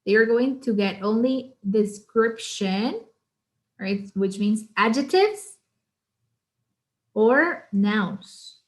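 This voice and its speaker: A young woman with a Guatemalan Spanish accent leads an online English class. Her voice sits a little high, and she switches between English and Spanish, adding a questioning "right?" after nearly every point. She explains things patiently and slows down to model example sentences. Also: lively intonation. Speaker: English teacher.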